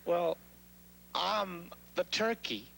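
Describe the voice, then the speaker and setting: A man's voice: high voice, expressive, very slow, creaky, exaggerated voice. A wisecracking puppet turkey, played by a man, worldly and theatrical, who drops his jokes in a slightly raised voice. A faint hum sits under the recording. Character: witty, worldly talking male turkey. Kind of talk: puppet show acting.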